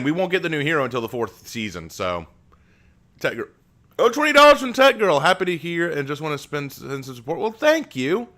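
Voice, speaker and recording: A man's voice: on the low side, bright, forceful tone. A man hosting a casual live stream from home, chatting with viewers and reading their messages aloud.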